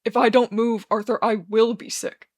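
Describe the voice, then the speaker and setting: A woman voicing a wry, skeptical young man who teases in a deadpan way in a read-aloud fan story. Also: a little high, moderate pace, no room sound, natural voice. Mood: tired. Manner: dry, wry, deadpan teasing.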